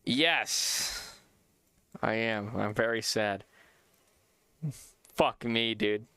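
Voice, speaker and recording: A man's voice: drawn-out words, clean tone, no room sound. A young man streaming, telling a story in casual chat, acting out quotes and swearing casually. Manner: animated, acts out quotes with big pitch jumps; swears casually, repeats phrases.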